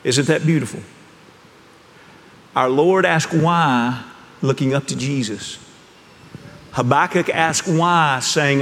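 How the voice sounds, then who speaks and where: A man preaching a sermon, telling stories in a hushed voice that rises to fervent emphasis. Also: fairly high pitch, slow, long pauses, a little hiss or hum. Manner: storytelling, swings from hushed to rising fervor. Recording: long hall reverb.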